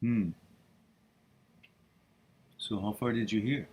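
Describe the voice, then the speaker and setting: A man's voice: on the low side, steady tone, slow, darkish tone, a little hiss or hum. A man hosting a live-stream question-and-answer session, frank and blunt, swearing casually and laughing often between answers. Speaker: host answering viewer questions.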